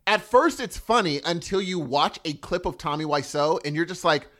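A man co-hosting a podcast, talking casually and enthusiastically with frequent restarts. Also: on the high side. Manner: animated, enthusiastic, quick bursts and restarts. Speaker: podcast co-host. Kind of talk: casual chat.

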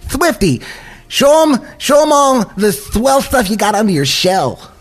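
Roger Rabbit, high and giggly. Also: male voice, very animated, measured pace, full character voice. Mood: excited. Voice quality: high, cartoonish, bouncy. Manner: giggly, over-eager chatter. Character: excitable male cartoon rabbit, eager and chatty.

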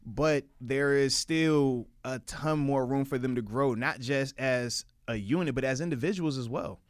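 A man's voice: mid-range voice, unhurried, dry recording, studio quality. A man co-hosting a sports talk show, joking and emphatic as he breaks down the team. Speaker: sports analyst co-host.

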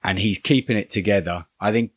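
A man thinking out loud about a film's tension and dialogue on a podcast, earnest and full of restarts. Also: fairly low pitch, brisk, breathy edge, no room sound, studio quality. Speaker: podcast co-host. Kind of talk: casual film review chat.

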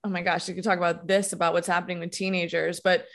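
A woman's voice: on the low side, flat delivery, quick pace. A woman co-hosting a podcast, speaking in a reflective, agreeing casual chat. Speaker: podcast co-host.

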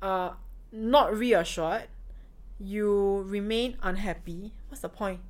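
A woman's voice: mid-range voice, slow pace, darkish tone. A young woman with a Singaporean English accent, chatting casually and frankly, swearing freely and acting out bits of dialogue. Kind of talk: casual chat.

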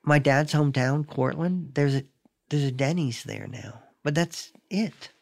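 Gravelly man musing in casual chat. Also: a little high, a little mellow. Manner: reflective, halting, many fillers. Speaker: artist in conversation.

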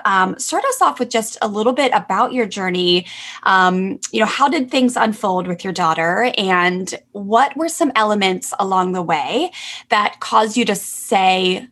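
A woman's voice: medium pitch, a bit bright, husky. A middle-aged woman from California hosting a podcast, talking in an effusive, encouraging, casual way. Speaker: podcast host.

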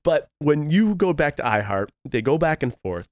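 A man's voice: fairly high pitch, sing-song, moderate pace, darkish tone, no room sound, clean studio sound. A man hosting a podcast, chatting casually, reacting to his guest and trading his own stories. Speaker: podcast host. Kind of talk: casual interview chat.

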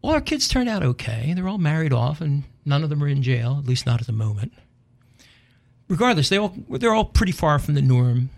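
A middle-aged man and radio host giving a humorous monologue, telling dry, deadpan stories with wry punchlines. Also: on the high side, a little fast, gravelly.

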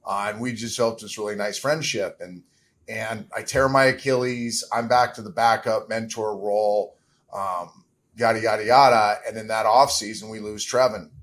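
A man's voice: lowish voice, steady tone, moderate pace, fairly bright tone. A middle-aged man, a podcast guest, telling a personal story candidly and with emotion, as if holding back tears. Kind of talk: interview.

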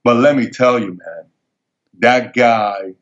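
A man telling a personal story as an interview guest, animated and acting out the people he quotes in a higher voice. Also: takes it slowly. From Middle East. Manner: animated, acts out quoted dialogue in raised voice. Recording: dull lo-fi sound.

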